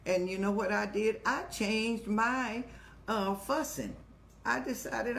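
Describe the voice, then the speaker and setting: A woman's voice: medium pitch, slow pace, creaky, a bit bright, slight background noise. An older woman hosting an advice show, talking in a folksy, motherly, preaching way. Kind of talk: casual advice talk.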